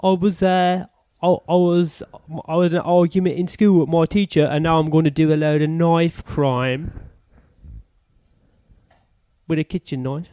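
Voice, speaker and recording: A man's voice: fairly high pitch, little pitch movement, normal speed, few pauses, mellow, clean tone, no echo, voice pushed up, natural voice. A man voicing a thuggish young English lad with a cocky, menacing swagger, as a comedy bit.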